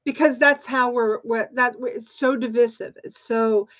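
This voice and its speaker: A woman's voice: a little high, steady tone, measured pace, fairly bright tone, no echo. A woman giving a passionate, rambling monologue to her channel's viewers, restarting often and filling gaps with fillers. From United States. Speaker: channel host. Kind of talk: opinionated monologue to camera. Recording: dull lo-fi recording.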